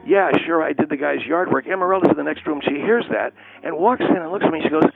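A touchy, stammering caller rambles on in a higher, gravelly voice, sounding thin and boxy down a phone line. A man puts him on. Faint music sits underneath. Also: quick pace. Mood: aggrieved.

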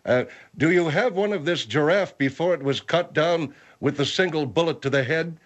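A man's voice: fairly high pitch, normal speed, noisy background, voice pushed up, natural voice. A man voicing a formal, overly polite military man who stammers a lot. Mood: prim.

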